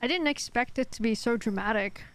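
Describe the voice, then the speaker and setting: A woman's voice: on the high side, a little fast, fairly bright tone, clean tone, no room sound. A woman streaming a game live, chatting casually and rambling with lots of filler words. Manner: reads chat aloud and answers it. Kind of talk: casual live-stream chat while gaming.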